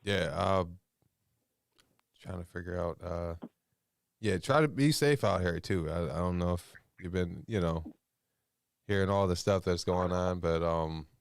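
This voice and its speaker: Man, podcast host, low voice, laid-back slangy chat, dry close sound. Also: unhurried, long pauses, smooth, no room sound. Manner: relaxed, rambling, slangy. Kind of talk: casual call-in chat.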